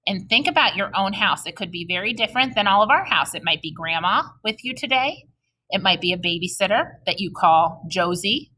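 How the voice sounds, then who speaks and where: Bright-voiced woman teaching young children. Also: mid-range voice, animated. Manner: slow, exaggerated modeling of reading aloud; patient, encouraging talk to young children. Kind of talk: recorded early-grade reading lesson.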